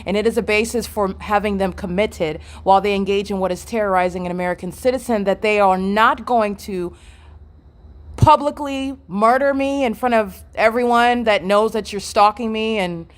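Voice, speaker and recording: A woman filming outdoors on a street by parked cars on a handheld phone, giving agitated, accusatory running commentary and repeating phrases insistently. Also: medium pitch. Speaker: vlogger filming in public.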